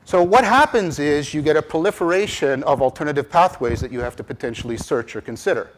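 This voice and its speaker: Animated male lecturer, faint hiss. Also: fairly high pitch, quick pace, few pauses. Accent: Canadian English. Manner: animated, emphatic, rhetorical repeated questions, frequent restarts. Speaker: cognitive science lecturer. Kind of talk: conference lecture. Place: lecture room.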